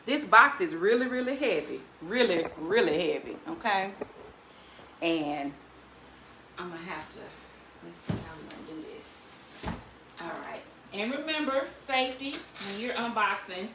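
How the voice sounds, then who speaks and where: An older woman, hosting a casual cooking vlog and chatting warmly and animatedly to her viewers, laughing often. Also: mid-range voice, background noise. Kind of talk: casual unboxing chat to viewers.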